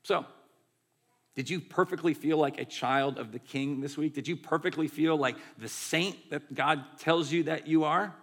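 Gravelly-voiced man preaching conversationally. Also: fairly high pitch, moderate pace. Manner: conversational, animated preaching with many "like" and "right". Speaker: pastor. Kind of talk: sermon.

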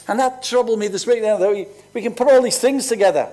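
Older pastor in his sixties, high-pitched, chatty storytelling sermon. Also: quick pace, warm tone. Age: 60s. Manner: conversational, storytelling preacher. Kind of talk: sermon with personal stories.

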